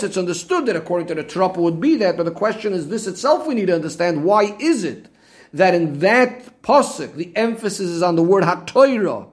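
Brief: male Torah teacher, high voice, methodical explainer. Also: a little mellow. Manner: methodical, restates points with Hebrew terms. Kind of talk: explaining a Rashi commentary.

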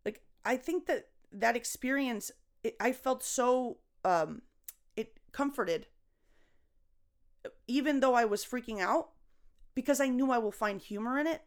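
Comedian lady chatting on a podcast, rambly and animated, laughs and swears a lot, voice a bit high. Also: measured pace. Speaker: guest comedian. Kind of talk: casual podcast conversation.

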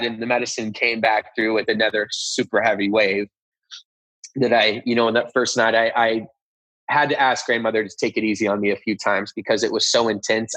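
As a guest, a man earnestly recounts a personal experience, acting out conversations with "I was like" as he goes. His voice is lowish and a bit bright, with no echo, in a low-quality recording.

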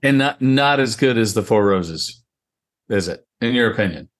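A man from Virginia with a fairly low voice chats on a podcast. He laughs a lot and explains things at length in a relaxed way. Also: moderate pace. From Virginia, USA. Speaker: podcast co-host. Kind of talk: casual chat.

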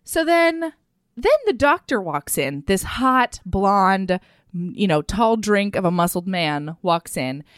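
A woman co-hosting a podcast, recapping a romance novel in casual chat, animated and profane, often laughing. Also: mid-range voice, slow, clear, resonant tone, dry recording, studio quality. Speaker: podcast co-host.

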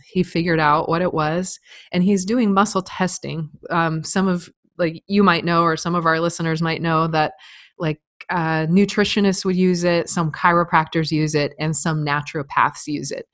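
A woman's voice: low voice, a bit bright, no room sound, clean studio sound. A middle-aged woman telling a personal story as an interview guest, candid and earnest, with frequent filler words.

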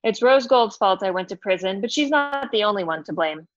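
A woman's voice: medium pitch, expressive, a little fast, no echo, muffled recording, close to an everyday voice. A woman reading as a sarcastic woman in her fifties. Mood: scornful. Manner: flip and cheeky, scornful. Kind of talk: author reading her novel aloud.

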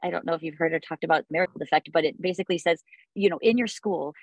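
A woman's voice: sits low, fast talker, no room sound, muffled recording. A woman in her forties, a music teacher, talking in a podcast interview, chatty with many fillers and restarts.

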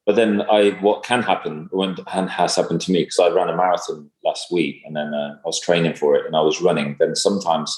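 A man in casual conversation, speaking in a halting, reflective way with many fillers and restarts. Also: sits low, steady tone. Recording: echoey room.

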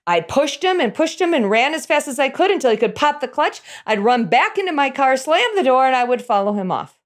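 A middle-aged woman telling a personal story in an animated way, chuckling as she goes. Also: high-pitched, fairly quick.

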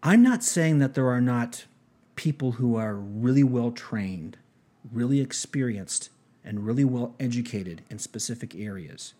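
A man with a mellow, husky voice hosts a podcast and tells a story out loud. He acts out both sides of a conversation with lively energy and restarts his sentences often. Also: medium pitch, unhurried. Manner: animated retelling with quoted dialogue, frequent restarts. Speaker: podcast host. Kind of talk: storytelling monologue.

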